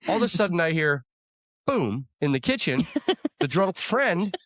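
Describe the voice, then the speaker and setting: A man's voice: on the high side, measured pace, dry recording. Dry-sounding man telling a story. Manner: storytelling, teasing, animated retelling. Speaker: podcast co-host. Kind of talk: casual chat.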